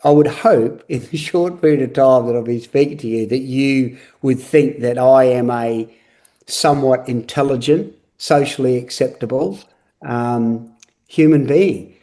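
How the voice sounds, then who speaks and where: A middle-aged man gives a candid interview about his own life. His voice is mellow and dark, earnest and a little halting, with words often repeated. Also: mid-range voice. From Australia. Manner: earnest, repetitive, halting restarts. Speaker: guest.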